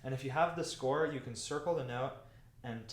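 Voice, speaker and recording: A man teaching the alto part of a choir piece, explaining the markings patiently and speaking the lyrics slowly. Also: mid-range voice, echoey room. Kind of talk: music lesson walkthrough.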